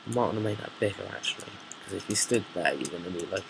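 A man's voice: sits low, quick pace, vocal fry, background noise. A man casually commenting on his own gameplay, muttering, swearing and thinking aloud while he builds. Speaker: gameplay video maker.

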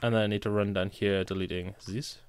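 A man's voice: on the low side, fairly even intonation, a little fast, clear, resonant tone. A young man hosting a let's play, chatting casually and thinking aloud as he builds. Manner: rambling, thinks aloud and talks to himself while building. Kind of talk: casual gameplay commentary.

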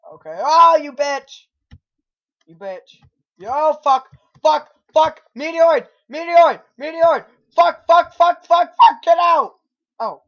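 High, raging young gamer man. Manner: raging, swearing, yelling at the game. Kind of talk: gameplay commentary. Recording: lo-fi dull recording.

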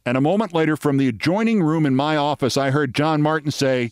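A man in his sixties hosting a show, telling a personal story with vivid detail and dramatic pauses. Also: fairly high pitch, clear, resonant tone, no room sound, clean studio sound. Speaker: host.

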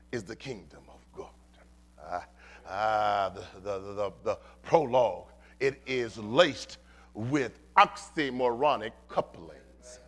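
Pastor, male, lively high voice, bright delivery, emphatic sermon preaching. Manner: animated, emphatic call-and-response preaching. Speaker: lead pastor.

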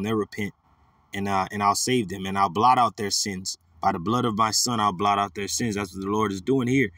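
A man's voice: mid-range voice, fairly bright tone, distant mic. A man preaching a sermon, reading scripture verses with rising emphasis and often repeating his words.

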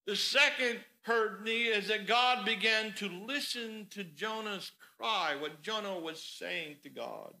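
A man preaching a sermon in a church, telling the story in an animated, conversational way. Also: high voice, unhurried, poor audio. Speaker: pastor. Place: church sanctuary.

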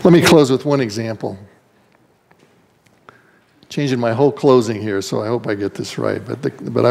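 A male pastor preaching a sermon in a lively storytelling manner, acting out characters with big swings in pitch.

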